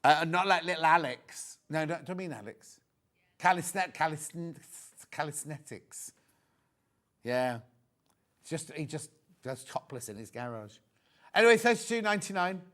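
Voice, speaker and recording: A middle-aged man hosts a live shopping broadcast, talking in a somewhat high voice. He rambles through anecdotes and jokey asides between quoting prices. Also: lively intonation, measured pace, long pauses, a bit bright. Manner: chatty, rambling, joking asides. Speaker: shopping channel presenter. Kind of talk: live TV sales chat.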